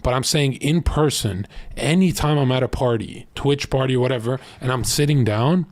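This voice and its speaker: A man streamer ranting casual dating advice, blunt and profane, telling stories with animated voices. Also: medium pitch, moderate pace, no room sound.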